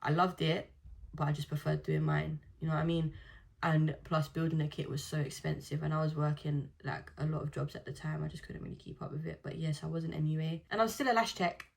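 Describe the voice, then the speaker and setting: A woman's voice: low voice, flat delivery, brisk, vocal fry, darkish tone. A young woman answering viewer questions in a candid, chatty vlog full of blunt slang. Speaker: vlogger. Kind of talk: casual Q&A vlog.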